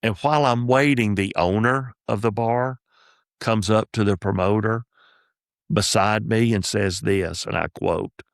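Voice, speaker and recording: A middle-aged man with a low, gravelly voice spins folksy stories in an easy drawl. He sounds like a comedian hosting his own podcast. The recording is close and dry, with no room sound. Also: a little slow, dry recording. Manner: folksy, drawling, animated retelling of anecdotes. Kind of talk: casual storytelling.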